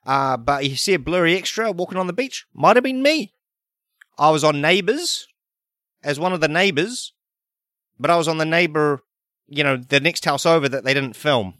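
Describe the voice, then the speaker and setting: A man's voice: a little high, moderate pace, dry recording, clean studio sound. A man doing a rambling Australian actor. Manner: rambling, deadpan absurd storytelling. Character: rambling Australian actor posing as a podcast host.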